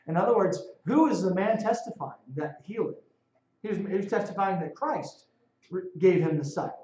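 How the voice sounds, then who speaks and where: Conversational pastor in an echoey room. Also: male voice, sits high, moderate pace, dark tone. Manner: conversational, reads scripture aloud and adds sarcastic paraphrase. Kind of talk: sermon. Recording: echoey room, dull lo-fi sound.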